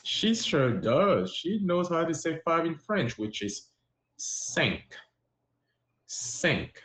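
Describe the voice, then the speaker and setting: A man teaching a live-streamed French lesson, patiently encouraging his viewers and repeating words slowly. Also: a little high, big pitch swings, a bit bright, roomy sound. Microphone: live-stream app.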